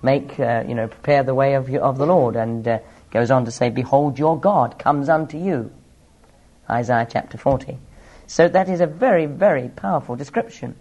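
A man's voice: medium pitch, darkish tone, slightly rough, lo-fi sound. A man teaching through a Bible passage, explaining each verse with asides and small laughs.

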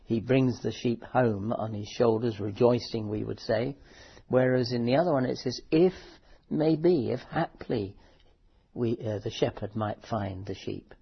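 A man preaching a sermon in a conversational, thoughtful way, often pausing and correcting himself. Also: mid-range voice, slightly rough, lo-fi sound. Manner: conversational, thoughtful, with frequent fillers and self-corrections.

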